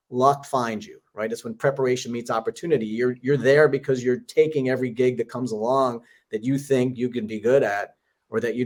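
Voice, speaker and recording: A man's voice: mid-range voice, a little mellow. A man hosting a podcast interview who draws out motivational lessons in an encouraging way. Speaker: podcast host. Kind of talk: interview conversation.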